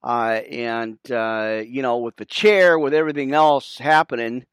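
In a dry, clean studio recording, a male pastor with a mid-range, slightly bright voice and fairly even intonation talks on his podcast as he gets his stream ready. Breathless and chatty, he rambles, stumbles over fillers, and addresses listeners as friends.

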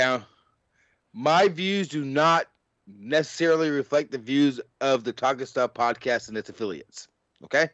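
A man's voice: mid-range voice, dry recording, lo-fi sound. A man hosting a casual podcast chat, rambling through questions with frequent laughs and restarts. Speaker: podcast host.

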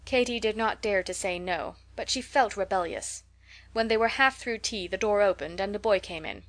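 A woman's voice: medium pitch, normal speed. Woman narrating a classic novel steadily. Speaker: audiobook narrator. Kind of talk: scripted narration.

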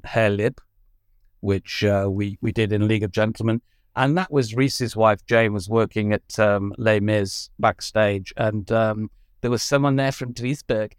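A man's voice: clean tone, no echo, clean studio sound. Thoughtful man chatting in an interview. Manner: thoughtful, hesitant with ums, lively pitch swings. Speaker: guest, actor and writer. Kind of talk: casual interview chat.

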